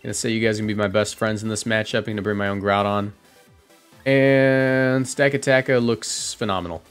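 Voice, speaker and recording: A man giving casual, chatty commentary on his own competitive matches from a home streaming setup, often correcting himself and reacting out loud. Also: on the low side, fairly even intonation, fairly quick, smooth, soft background music.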